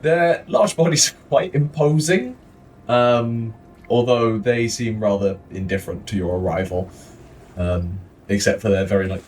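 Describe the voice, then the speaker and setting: A man's voice: lowish voice, a little slow, darkish tone. A man with a Welsh accent, narrating a tabletop game as dungeon master in a loose style full of fillers. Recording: distant mic with faint noise.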